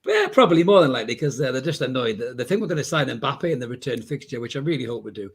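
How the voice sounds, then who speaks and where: A man's voice: medium pitch, very animated, fast, husky. An English man hosting a casual football podcast, chatty and full of banter, swearing now and then. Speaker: podcast host.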